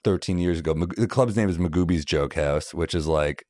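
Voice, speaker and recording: A man's voice: deep voice, a little fast, dry recording, clean studio sound. A man, a comedian guest, telling stories in casual podcast talk and acting out the people he quotes. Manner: animated storyteller acting out quotes.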